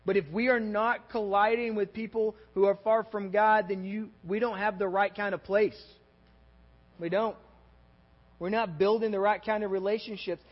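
Animated pastor with a Texan accent, in a reverberant hall. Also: male voice, high-pitched, moderate pace. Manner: conversational and animated, with asides and audience check-ins. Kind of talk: sermon. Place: church sanctuary. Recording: dull audio with long hall reverb.

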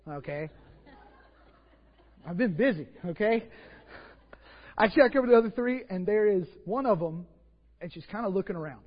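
A man with a Texas accent, a pastor telling a story in a sermon, animated, swinging between hushed asides and loud bursts. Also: high-pitched. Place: church sanctuary. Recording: dull, lo-fi church hall recording with long reverb.

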